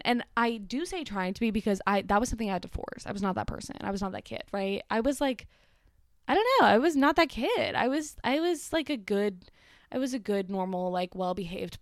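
A young woman talks straight into a close podcast mic, rambling through a personal story with blunt swearing and self-mocking asides. Her voice sits at an ordinary pitch for a woman, and the recording is dry, with no room sound at all. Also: dry recording. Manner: chatty, swears freely, self-deprecating asides. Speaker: podcast host. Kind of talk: casual solo podcast storytelling.

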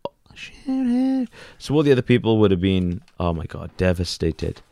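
A man's voice: sits low, expressive, brisk, vocal fry, mellow, no echo. A man co-hosting a podcast, bantering crudely and laughing in casual chat. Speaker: podcast co-host.

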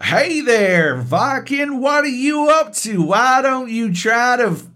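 A man's voice: very high-pitched, big pitch swings, slow, sharp tone, pitched above the performer's own voice, heavily acted. A man putting on a hammy, folksy baseball jock. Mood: cheery. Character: folksy cheerful male baseball player NPC.

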